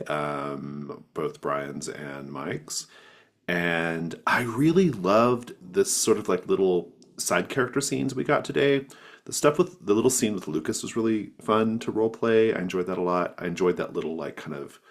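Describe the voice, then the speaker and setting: Deep, husky man as game master, casual rambling praise for his players. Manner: enthusiastic, rambling, with fillers. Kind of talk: casual wrap-up chat.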